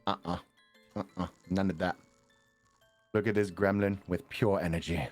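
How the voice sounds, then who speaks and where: A man's voice: low voice, fairly even intonation, moderate pace, darkish tone, faint music behind. A man with a British accent, chatting casually as a stream guest, dry and joking, laughing often.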